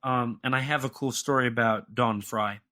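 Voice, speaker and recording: A man's voice: medium pitch, steady tone, moderate pace, sharp tone. A young man co-hosting a podcast, talking in a casual, rambling way with many restarts and fillers. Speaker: podcast co-host.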